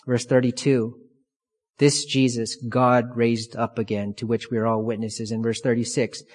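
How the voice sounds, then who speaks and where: A man of middle pitch delivers a verse-by-verse sermon, slow and emphatic, leaning on repeated phrases. His voice rings with the long reverb of a large church hall. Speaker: pastor. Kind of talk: expository sermon.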